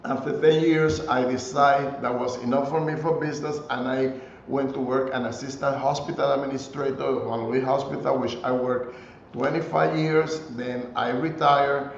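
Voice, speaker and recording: An older man speaks in a loose, conversational way, pausing often as he works through his story. His voice comes across a little dull and muffled, set in a roomy space with faint noise behind it. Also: medium pitch, gravelly. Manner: relaxed storytelling with frequent hesitations. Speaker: guest. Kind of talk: conversational interview.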